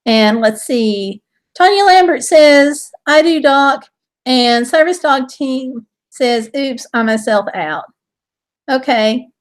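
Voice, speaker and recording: A woman's voice: high voice, animated, slow pace. A woman hosting a casual live stream from home, with a Southern US accent, cheerfully reading viewer comments aloud.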